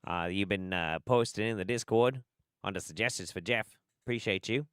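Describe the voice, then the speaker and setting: A man's voice: fairly low pitch, moderate pace, a bit bright, smooth, no room sound, studio quality, lightly acted. A man doing an exaggerated Australian accent to voice a chummy bloke greeting a viewer. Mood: friendly. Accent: put-on Australian. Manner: exaggerated, self-deprecating impression.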